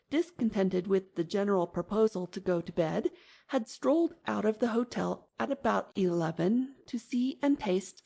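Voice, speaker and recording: A woman narrating an audiobook in an even, measured manner. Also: mid-range voice, vocal fry.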